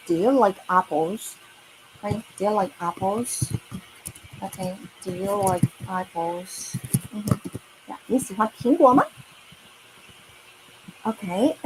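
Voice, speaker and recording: A woman gives an online lesson at an unhurried pace, saying each word carefully and asking whether the learner follows. Her voice sits mid-range in pitch, and a faint hum of room ambience runs behind her. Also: low-quality recording. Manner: patient, repeats words slowly with many okays. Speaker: Mandarin teacher.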